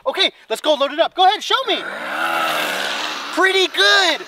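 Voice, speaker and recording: A dad playing make-believe with his kids outdoors on a farm, talking in an animated, playfully dramatic way. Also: very high-pitched, normal speed. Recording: noisy outdoor recording.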